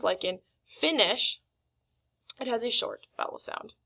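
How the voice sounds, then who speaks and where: A woman teaching a recorded phonics lesson, reading words slowly and deliberately. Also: mid-range voice, creaky, sharp tone, highs cut off. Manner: slow, deliberate word-by-word reading.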